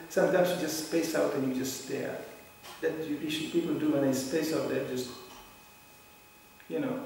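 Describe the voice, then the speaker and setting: Animated man preaching in an echoing hall. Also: fairly high pitch. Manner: animated, acts out what people say in little voices; chuckles often while telling stories. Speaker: spiritual teacher giving a scripture class. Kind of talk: informal sermon with storytelling. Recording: roomy hall, mic at a distance, faint background hum.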